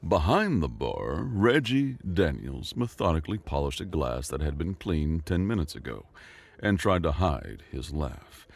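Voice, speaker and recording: A man narrating a sci-fi story in a dramatic, measured storytelling voice. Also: a bass voice.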